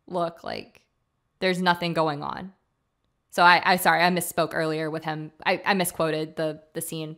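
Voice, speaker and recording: A woman co-hosting a casual podcast, her voice sitting a little low. She retells a film in animated fashion, slipping into the characters' quoted lines between plenty of fillers. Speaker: podcast co-host.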